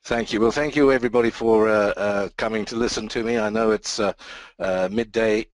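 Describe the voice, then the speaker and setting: A middle-aged man with a Southern English accent tells stories while presenting a trading webinar. His voice sits fairly low and his manner is chatty and self-deprecating. He is heard through a dry computer mic with no room echo. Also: steady tone, brisk. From Isle of Wight, England.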